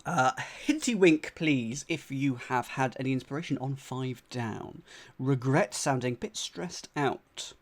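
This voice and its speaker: A man's voice: mid-range voice, lively intonation, a little slow. A man from the UK streaming live as he solves a crossword, thinking aloud, repeating clues and talking to his chat with lots of fillers and restarts. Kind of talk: casual live-stream commentary.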